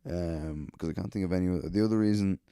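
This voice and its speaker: Low-voiced sweary Irish man. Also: fast, mellow, smooth, dry recording, studio quality. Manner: sweary, rambling, sardonic. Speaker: podcast host. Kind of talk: solo podcast storytelling.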